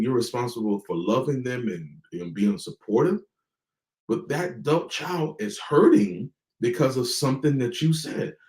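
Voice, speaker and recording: A man hosts a motivational talk for parents, leaning on repetition and slow, emphatic phrasing like a preacher. His voice sits at an ordinary middle pitch. The room around him is echoey. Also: a little mellow. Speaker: host.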